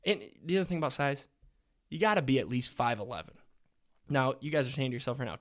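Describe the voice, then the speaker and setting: A man's voice: mid-range voice, expressive, quick pace. A young man hosting a sports podcast on his own, chatting casually with rambling, crude jokes. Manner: joking, rambling, crude humor. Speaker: podcast host.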